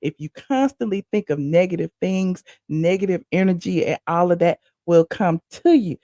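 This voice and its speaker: A woman from Atlanta, hosting a casual live stream with animated, rambling asides. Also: on the low side, moderate pace, no echo, clean studio sound. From Atlanta, USA. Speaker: host.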